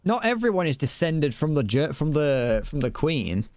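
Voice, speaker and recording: A man's voice: on the high side, big pitch swings, normal speed, a little mellow, no room sound. A young man from Britain chatting casually while he streams a game, rambling and playful, humming to himself between remarks. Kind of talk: casual gaming stream chat.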